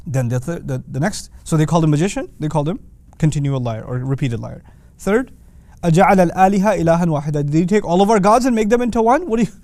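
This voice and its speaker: A man teaching a lecture on the language of the Quran, animated and emphatic, often asking rhetorical questions. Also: a little high, no echo.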